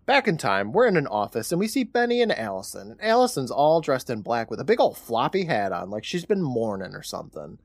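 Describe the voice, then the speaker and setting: A man chats his way through a scene-by-scene recap, his pitch bouncing all over as he quotes the characters. The sound is close and dry, with no room around it. He talks like a podcast co-host among friends. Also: sing-song, brisk, few pauses, dry recording. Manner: chatty retelling with quoted lines. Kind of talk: casual episode recap.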